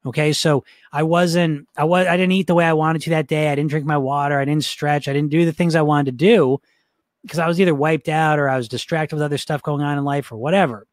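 A man teaching like a coach, talking casually, often repeating his words and filling pauses. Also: on the high side, fairly even intonation, dry recording, clean studio sound. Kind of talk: motivational teaching talk.

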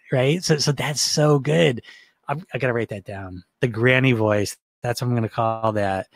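A man's voice: mid-range voice, normal speed, creaky, no room sound. A man coaching a live online session, reading viewer comments and talking in an upbeat, rambling way with frequent restarts and laughs. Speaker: weight-loss coach.

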